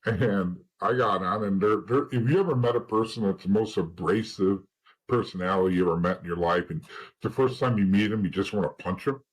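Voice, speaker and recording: A man's voice: on the low side, fairly quick, breathy edge, low-quality recording. A middle-aged man, a guest in an interview, telling his story in a blunt, profane way and acting out old conversations. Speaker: interview guest, former informant.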